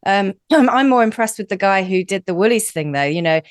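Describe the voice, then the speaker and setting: A woman from the UK, a radio news contributor, talking in a chatty, animated way and often restarting her words. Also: medium pitch, a little fast, clean tone, no echo, studio quality. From United Kingdom. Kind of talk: casual radio chat.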